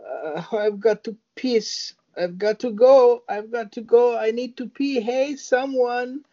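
A man voicing a panicky, rude young female prisoner who whines and repeats her complaints in a high voice. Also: takes it slowly, warm tone, highs cut off. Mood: desperate whining. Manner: shrill, repetitive complaining.

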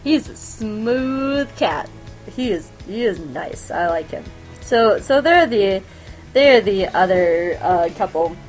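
A woman hosting a podcast, chatting casually and excitedly about anime, giggling and gushing as she talks. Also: medium pitch, slow pace, faint music behind. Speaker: podcast host. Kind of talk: casual anime review chat.

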